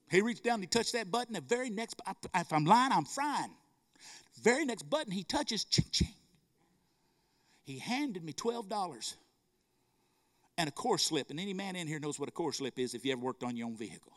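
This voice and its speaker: A middle-aged man with a drawl delivers a sermon. His voice sits high for a man, and his fervent storytelling keeps turning into calls to the congregation. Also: lively intonation, a little fast, fairly bright tone. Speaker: preacher.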